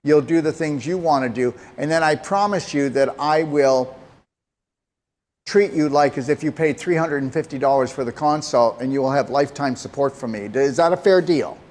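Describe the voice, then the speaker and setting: A man's voice: a little high, moderate pace, a little mellow. A man giving health advice to a caller, talking directly and emphatically and pressing her with pointed questions. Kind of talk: call-in advice talk.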